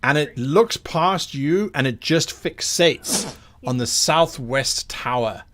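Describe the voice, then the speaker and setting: A man narrating a tabletop game as game master, describing scenes in slow detail. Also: on the high side, animated, a bit bright.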